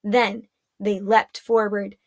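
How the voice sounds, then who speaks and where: A woman's voice: medium pitch, flat delivery, slow, no echo. Woman narrating a story, dry close sound. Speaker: audiobook narrator. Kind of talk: scripted narration.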